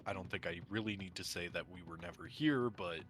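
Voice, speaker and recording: Bright, low-pitched man with dry teasing humor. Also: brisk, soft background music. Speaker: player. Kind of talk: playing a tabletop game with friends.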